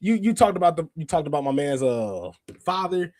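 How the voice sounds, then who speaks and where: A man hosting a wrestling review podcast, chatting casually and slangily, reading out chat comments and bursting into laughs and shouts. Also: a little high, brisk, dry recording. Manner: excitable, laughs often and breaks into shouts; slangy, talks straight to chat readers. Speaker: podcast host.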